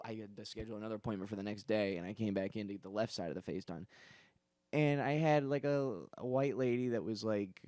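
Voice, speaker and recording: A man's voice: lowish voice, darkish tone, no echo, studio quality. Rambling young man telling stories. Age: young adult. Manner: rambling, digressive, full of fillers and restarts; profane, self-deprecating asides. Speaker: comedian podcast host. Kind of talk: casual comedic storytelling.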